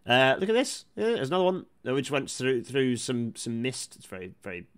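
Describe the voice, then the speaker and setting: A man hosting a casual livestream. He reads the chat aloud, rambles with many restarts, and breaks into excited outbursts. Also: mid-range voice, fairly quick. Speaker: live-stream host reading chat. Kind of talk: casual live-stream commentary.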